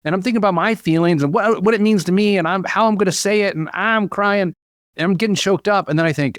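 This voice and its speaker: Animated man telling a story. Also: sits high, fast, no echo, studio quality. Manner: animated storyteller, upbeat and chatty. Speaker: company founder and CEO, podcast guest. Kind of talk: casual interview conversation.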